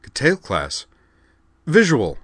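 A man's voice: medium pitch, wildly swooping pitch, takes it slowly, a bit bright, no echo, studio quality, voice pushed up, exaggerated voice. A man voicing a proud, scheming princess who barks orders in a sci-fi audiobook. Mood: alarmed. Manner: barking commands, proud. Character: imperious haughty princess, woman, scheming.

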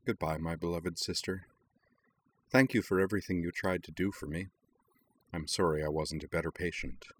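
A quiet young woman speaks in a soft, gentle way, as a man reads her lines. The voice stays low and hushed. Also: moderate pace. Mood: tearful. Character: quiet tender young woman, the Rose Bride.

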